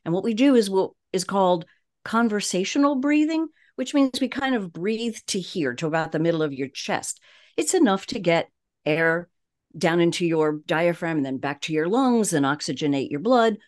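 A woman with a Long Island New York accent, a voice coach talking in a measured, unhurried way on a podcast interview. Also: lowish voice, expressive.

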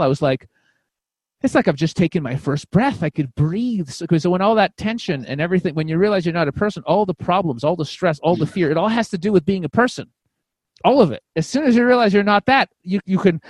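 A man, a comedian and podcast guest, telling a candid personal story in an animated way, often repeating words and restarting, with casual swearing. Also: fairly high pitch, no room sound.

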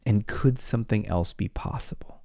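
A man's voice: lowish voice, moderate pace, creaky, no echo, clean studio sound. A middle-aged man, a psychologist, telling stories in a podcast monologue, acting out scenes and laughing often. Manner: animated storytelling, acts out scenes, laughs often.

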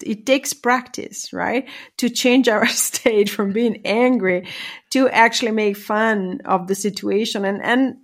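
A woman leadership coach, a guest on an interview, explaining ideas thoughtfully with hesitations and self-corrections. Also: medium pitch. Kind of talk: conversational interview.

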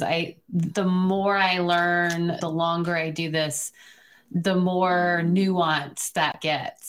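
Slow, reflective woman host. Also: low-pitched. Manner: reflective, measured phrasing. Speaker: podcast host. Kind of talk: interview conversation.

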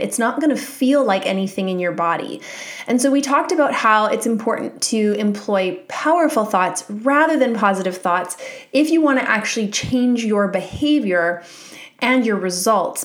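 Woman, 30s, solo podcast host, calm and encouraging, mid-pitched voice. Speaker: podcast host and mindset coach.

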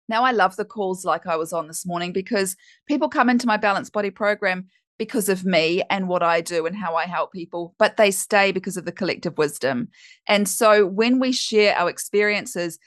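A woman's voice: medium pitch, dry recording, clean studio sound. A woman hosting a podcast as a coach, talking in a candid, chatty way and swearing now and then. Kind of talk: casual podcast monologue.

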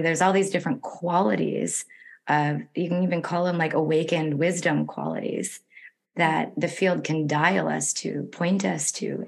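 A woman healing practitioner who is losing her voice, explaining her work in a calm, flowing way. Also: deep voice, gravelly. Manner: calm, flowing, gently spiritual wording. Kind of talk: conversational explanation.

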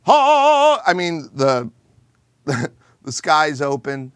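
Animated joking man, a bit high. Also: very slow, smooth, no room sound, studio quality. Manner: animated, jokey, acts out quoted people. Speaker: host. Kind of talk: comedic monologue to camera.

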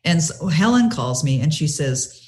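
Animated woman telling a story. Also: sits low, normal speed. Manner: animated, retells conversations with lively quoting; many fillers and restarts. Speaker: guest author. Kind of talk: storytelling interview answer.

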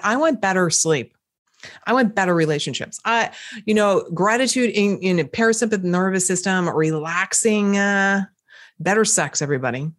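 A middle-aged woman hosting a podcast at home, talking straight to the listener in a lively, coaching way about gratitude. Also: on the low side. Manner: animated, coaching, talks to the listener directly. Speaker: podcast host. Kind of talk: motivational podcast talk. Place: indoors at home.

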